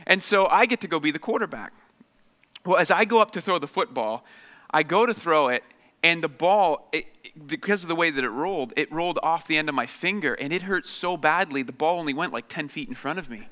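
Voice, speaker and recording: A man's voice: on the high side, expressive, fairly quick, pushed and bright. A man in his thirties, a guest speaker telling humorous, self-deprecating personal stories to an audience, with many fillers. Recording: long reverb of a large hall.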